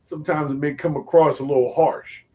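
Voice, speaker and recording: A man's voice: fairly high pitch, steady tone, fairly quick, dark tone. A man in a casual group talk, agreeing and reflecting on how tone affects communication. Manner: affirming, reflective.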